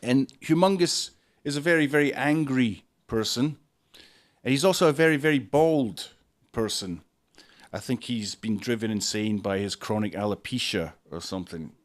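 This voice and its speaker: A man, hosting a podcast and reviewing a film in a dry, sarcastic monologue full of deadpan jokes. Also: mid-range voice, normal speed. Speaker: podcast host.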